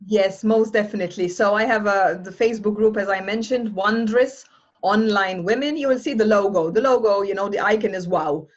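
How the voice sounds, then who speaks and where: A woman's voice: medium pitch, a little fast, muffled recording. A woman as an interview guest, speaking in an upbeat, encouraging, motivational way. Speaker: guest, online women's group founder.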